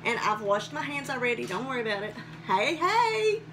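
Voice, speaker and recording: A woman's voice: fairly high pitch, fast, noisy background. Chatty woman streaming from her kitchen. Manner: folksy, greets viewers by name, laughs often. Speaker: host of a live cooking stream. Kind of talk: chatty live-stream cooking demo.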